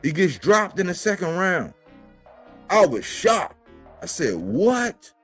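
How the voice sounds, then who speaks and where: A man's voice: high voice, sing-song, a little slow, a bit bright, slightly rough, soft background music. A man hosting a boxing commentary livestream, talking in an emphatic, slangy way and repeating points for stress. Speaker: boxing commentator and show host.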